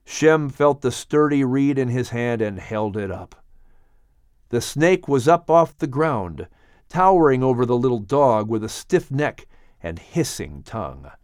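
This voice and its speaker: A man narrating a dramatic audiobook story on a studio mic in an expressive, unhurried way. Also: mid-range voice, smooth, dry recording.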